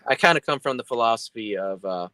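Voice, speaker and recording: A man's voice: mid-range voice, animated, quick pace, a crowd in the background. A man, a guest telling a long story on a video call, rambling with many fillers and restarts. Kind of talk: casual storytelling.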